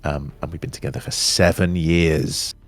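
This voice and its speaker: Male guest, 30s, RP English accent, low and gravelly, candid and animated. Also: moderate pace. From England. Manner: animated, candid, trails off and restarts. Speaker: interview guest, actor. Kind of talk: casual chat.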